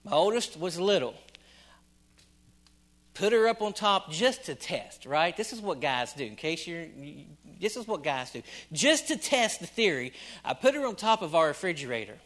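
A man's voice: a little high, very animated, moderate pace. Emphatic middle-aged male preacher. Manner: emphatic, repeats phrases, swings between loud and hushed. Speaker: pastor. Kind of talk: sermon.

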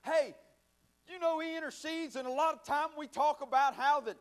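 A man preaching a sermon with fervent swings from shouting to hushed near-whispers, talking straight to his listeners. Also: extremely high pitch, moderate pace. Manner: conversational, addresses listeners as friend.

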